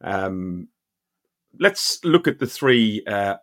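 Hesitant low-voiced man. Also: sing-song, very slow, a bit bright. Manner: hesitant, lots of ums. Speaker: podcast co-host. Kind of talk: casual chat, match analysis.

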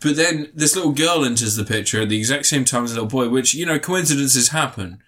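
A man's voice: mid-range voice, fast talker, fairly bright tone. A man chatting casually on a film podcast, rambling through the plot with frequent laughs and acted-out lines. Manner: rambling, laughs often, acts out scenes in put-on voices. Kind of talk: casual film review chat.

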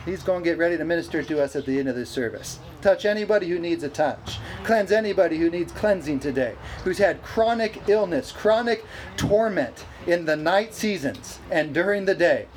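Brief: a high-pitched male preacher, lively and laughing, at a church service. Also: moderate pace, hardly any pauses, a little hiss or hum, rough recording. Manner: animated, exclamatory, laughs often. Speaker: pastor. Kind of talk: sermon.

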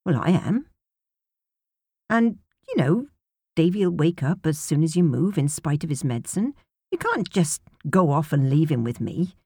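A woman's voice: deep voice, very animated, measured pace, warm tone, husky, no room sound, studio quality, heavily acted. A woman reading an audiobook, voicing a worried, disapproving mother who scolds her daughter. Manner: fretful and reproving.

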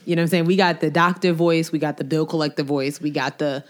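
A woman from Long Island co-hosting a podcast in casual chat. She is animated and talkative, acting out little voices and asking whether she is understood. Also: deep voice, fast talker. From Long Island, New York. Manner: animated and talkative, acts out little voices, keeps asking "you know what I'm saying?".

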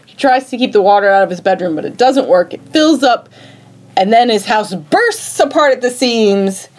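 A woman's voice: on the high side, normal speed. A woman co-hosting a podcast, animatedly recapping a movie plot in casual chat and laughing often. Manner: lively storyteller who jumps into characters' voices and laughs often. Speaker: podcast co-host.

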